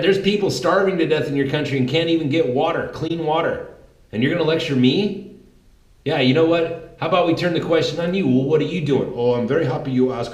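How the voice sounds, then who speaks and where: A man's voice: a little high, reverberant. Fired-up, swearing male commentary host. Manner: fired-up, confrontational, swears freely. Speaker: political commentary show host. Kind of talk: heated political commentary.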